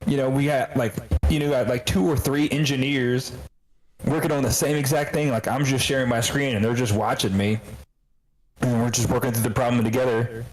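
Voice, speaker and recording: A man's voice: medium pitch, fairly even intonation, fairly quick, poor audio. A man co-hosting a podcast, telling a long profane story in casual chat. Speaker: podcast co-host.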